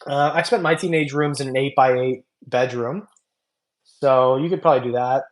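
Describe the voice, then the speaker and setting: Male stream host, mid pitch, tired and loose, joking banter over chat comments. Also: fairly even intonation, moderate pace. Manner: loose, rambling, joking, many fillers. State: tired after a long stream. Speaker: reptile channel host. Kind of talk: casual livestream chat reading comments.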